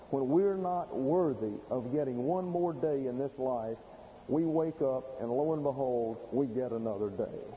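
Folksy preacher in an echoing hall. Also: male voice, medium pitch, slight background noise. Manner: folksy, explanatory, slows for emphasis. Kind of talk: expository sermon. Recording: dull lo-fi recording in a reverberant hall.

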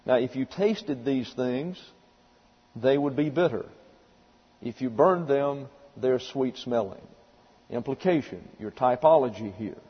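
A man delivers a Bible teaching in a relaxed, folksy way, stopping to spell out unfamiliar words. His voice is a little husky. The recording is dull and lo-fi, with a long hall reverb trailing behind him. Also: medium pitch. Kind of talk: sermon lecture.

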